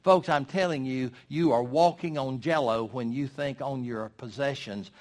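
An older man delivers a sermon in an emphatic, folksy style. His mid-range voice drives each point home and leans on dramatic pauses. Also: medium pitch. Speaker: preacher.

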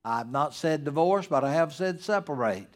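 Emphatic male preacher with a higher voice. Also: expressive, moderate pace. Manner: emphatic preaching, repeating key words, swelling loud on climaxes. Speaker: pastor. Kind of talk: sermon.

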